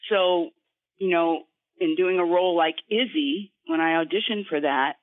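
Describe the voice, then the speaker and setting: During an interview, a woman guest who is a voice actor explains voice technique instructively, now and then slipping into quick voice demonstrations. Her voice is on the low side, and the dry recording comes through a tinny phone line.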